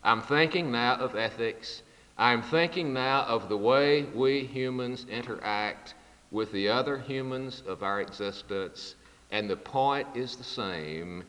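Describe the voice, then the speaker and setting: Earnest preacher in a reverberant hall. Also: male voice, medium pitch, fairly bright tone. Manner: measured and earnest, with rhetorical repetition. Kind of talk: sermon.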